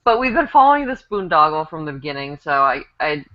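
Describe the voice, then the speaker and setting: A woman's voice: deep voice, very animated, fast talker. A woman presenting a topic on a panel show in a dry, sarcastic way. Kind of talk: casual panel chat. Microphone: video call. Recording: lo-fi online call audio.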